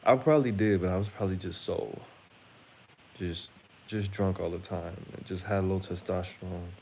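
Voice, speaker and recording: A man with a lowish voice rambles through a casual monologue to his viewers. He is blunt and profane, and he often stops and restarts his sentences. A faint hiss sits under his voice. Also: fairly even intonation, normal speed, vocal fry, darkish tone. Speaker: channel host.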